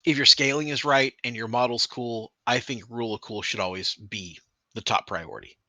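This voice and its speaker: A man co-hosting a casual hobby podcast, talking with animated energy, swearing freely and restarting sentences. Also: medium pitch, normal speed, dry recording. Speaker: podcast co-host.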